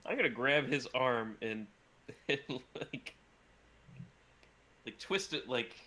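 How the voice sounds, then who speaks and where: A man playing a tabletop game, quick to joke and laugh along with the table. His voice is bright and forceful. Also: mid-range voice, expressive. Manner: joking, laughing player. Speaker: player.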